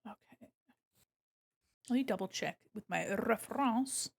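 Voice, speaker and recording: A young woman with a somewhat high voice chats casually on her stream. She keeps drifting into soft muttering as she concentrates on a drawing. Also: measured pace, creaky. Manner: mutters softly to herself while working. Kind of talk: casual chat while drawing.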